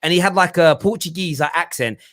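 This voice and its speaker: A man's voice: fairly high pitch, a little fast, a bit bright. A young adult man with a Cockney accent hosting a casual football podcast, laughing often and repeating words. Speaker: host.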